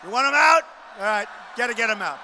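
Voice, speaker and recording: A man giving a loud, emphatic rally speech to a big crowd, repeating short phrases. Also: lively intonation, fast talker, a little hiss or hum. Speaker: political candidate at a rally. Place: large arena rally. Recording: booming reverb of a big arena.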